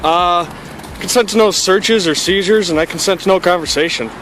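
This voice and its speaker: A man calmly and firmly refusing consent to a police officer on the street. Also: sits high, moderate pace, slight background noise, poor audio. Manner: firm, calm, rehearsed refusals. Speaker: citizen stopped by police. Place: outdoors on a street.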